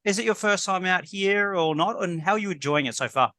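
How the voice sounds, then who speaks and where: A man with an Australian accent hosting a casual interview, asking relaxed, friendly questions. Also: high voice, a little fast, no room sound, clean studio sound. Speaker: host.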